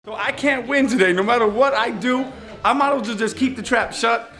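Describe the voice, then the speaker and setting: A man's voice: very high-pitched, a little fast, pushed and bright, faint music behind. A man buying at storage auctions, talking brashly and swearing freely in a reality show. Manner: brash, profane trash talk. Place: storage auction and flea market.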